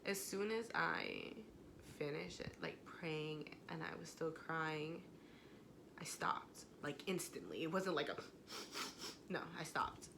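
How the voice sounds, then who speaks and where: A woman's voice: sits low, animated, takes it slowly, vocal fry, noisy background. A young woman telling viewers a personal faith story at home, emotional and conversational, speaking to them directly. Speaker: vlogger.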